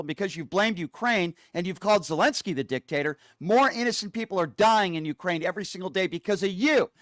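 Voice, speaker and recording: A man's voice: high-pitched, no echo, studio quality. A male political talk show host giving opinionated commentary with an angry, mocking tone.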